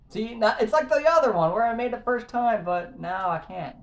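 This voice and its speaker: A man's voice: high voice, expressive, a little fast. A young man commentating his own gameplay, frustrated and swearing at the game as he keeps failing jumps. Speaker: gaming YouTuber. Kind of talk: let's play commentary.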